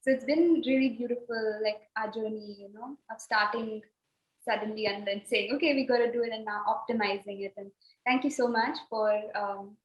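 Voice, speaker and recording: Woman co-host on a dull, echoey call. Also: medium pitch. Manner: warm, grateful, rambling with fillers. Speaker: podcast co-host. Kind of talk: casual wrap-up talk.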